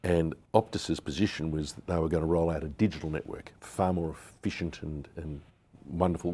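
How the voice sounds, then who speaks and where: A man's voice: low-pitched, darkish tone, slightly rough. An Australian businessman in his sixties telling candid stories in an interview and acting out what people said. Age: 60s. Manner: anecdotal, candid, acts out quotes. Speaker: business founder guest. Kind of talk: storytelling interview.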